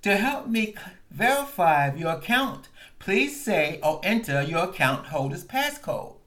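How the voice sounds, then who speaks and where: A man's voice: sits high, big pitch swings, measured pace, pushed and bright, full character voice. A man voicing a female automated phone-line AI that is polite, scripted and unhelpful. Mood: prim, scripted.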